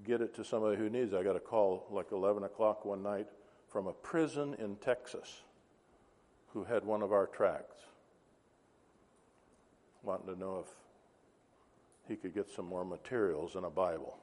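A man's voice: fairly low pitch, normal speed, pauses often, a little mellow. A man preaching a sermon, telling a story and acting out the dialogue. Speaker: pastor. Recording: reverberant hall.

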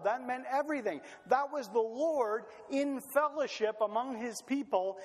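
A man preaching a conversational sermon with joking asides, in a church hall. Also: extremely high pitch. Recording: long hall reverb.

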